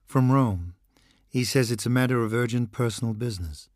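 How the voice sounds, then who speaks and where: A man's voice: medium pitch, moderate pace, darkish tone, dry recording, clean studio sound, lightly acted. A man voicing a polite office secretary speaking over an intercom in a storybook reading.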